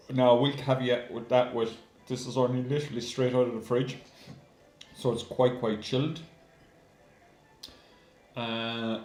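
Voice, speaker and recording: Man, mid-pitched, casual chatty reviewer, hesitant fillers, echoey room. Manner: chatty, addresses viewers as guys, many ums. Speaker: beer reviewer. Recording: roomy echo.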